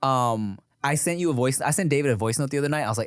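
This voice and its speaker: A man's voice: mid-range voice, expressive, fast talker, clear, resonant tone, dry recording. Guy hosting a podcast, slangy and rambly, mid voice, dry close mic. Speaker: podcast host. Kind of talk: casual chat.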